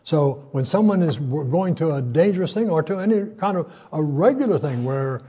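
Older preacher with a husky, mellow voice. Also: male voice, fairly high pitch, lively intonation, normal speed, lo-fi sound. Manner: folksy, conversational, frequent hesitations; voice rises when quoting scripture. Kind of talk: sermon.

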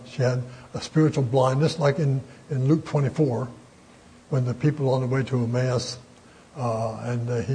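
An older man teaching a Bible study in a folksy, conversational way, pausing often with fillers. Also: medium pitch, warm tone, slightly rough, rough recording.

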